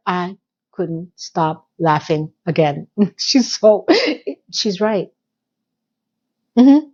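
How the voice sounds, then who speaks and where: A middle-aged woman chatting through a TV episode recap, an animated storyteller full of emphatic asides. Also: fairly low pitch, very slow, pauses often, highs cut off. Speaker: TV recap vlogger.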